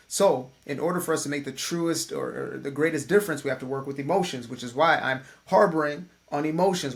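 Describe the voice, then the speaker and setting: A man who works as a life coach, giving a casual motivational talk to the camera. He speaks in a conversational, slangy way with playful asides. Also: on the high side.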